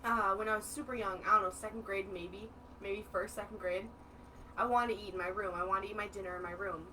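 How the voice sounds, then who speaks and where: A young adult woman co-hosting a casual chat, telling stories in an animated way and acting out what others said. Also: mid-range voice, fast, recorded from a distance, a little hiss or hum, poor audio. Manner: animated storyteller who acts out quoted dialogue. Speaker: co-host, daughter of the host.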